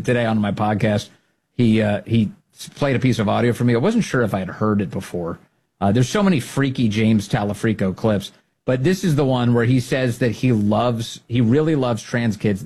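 Husky, mocking podcast host. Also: male voice, medium pitch, darkish tone. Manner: mocking, laughs often, quick asides. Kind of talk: casual political commentary.

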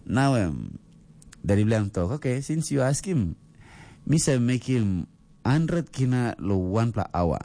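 A man's voice: mid-range voice, sing-song, measured pace, dark tone. A man with a Papua New Guinean accent, a radio DJ telling a story in a rambling, casual way full of fillers.

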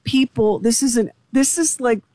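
A woman co-hosting a podcast in casual chat, animated and rambling, joking at her own expense. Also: fairly high pitch, normal speed, dry recording. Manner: animated, rambling, self-deprecating. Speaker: podcast co-host.

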